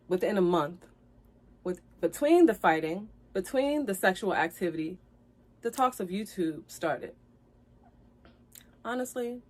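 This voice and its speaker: A woman speaking tells viewers about a painful breakup on a live stream. Her voice sits at an ordinary middle pitch. She is upset and close to tears, circles back over her own phrases, and climbs loud and heated as she gets into the fights. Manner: addresses viewers directly, repeats phrases, grows loud and heated when recounting fights. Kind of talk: emotional live-stream storytelling.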